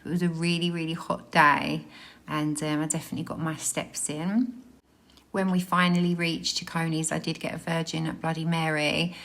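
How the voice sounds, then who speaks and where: A woman's voice: low-pitched, level tone, moderate pace, fairly bright tone. Chatty woman vlogging. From Essex, England. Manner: bubbly, chatty, enthusiastic. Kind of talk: casual vlog chat and voice-over.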